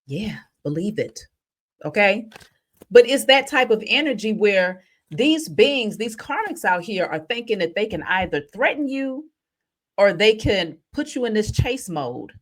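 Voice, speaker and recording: A woman hosting a casual spiritual vlog, telling stories in an animated, chatty way. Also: mid-range voice, normal speed. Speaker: spiritual reader.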